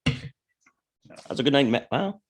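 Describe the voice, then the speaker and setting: A man's voice: mid-range voice, lively intonation, slow pace, a little hiss or hum. A man co-hosting a casual podcast, telling a crude, rambling anecdote with many restarts. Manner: rambling, self-interrupting storyteller with crude humor. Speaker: podcast co-host. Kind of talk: casual storytelling chat.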